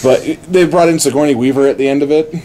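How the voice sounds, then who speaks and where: Rambling, excitable man retelling a film. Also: a little high, fast talker, slight background noise. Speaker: podcast host. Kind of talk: casual chat.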